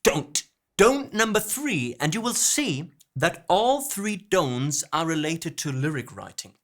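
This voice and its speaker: A man's voice: fairly high pitch, sing-song, takes it slowly, fairly bright tone. A man teaching songwriting, picking apart lyric lines by quoting them and re-stressing the words. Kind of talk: lyric analysis lesson.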